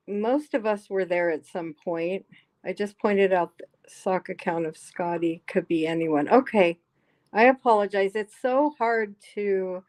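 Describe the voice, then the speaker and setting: A woman's voice: mid-range voice, darkish tone. A woman hosting a casual live stream, reading viewer comments aloud and reacting to them in a chatty, emphatic way, her voice getting worn.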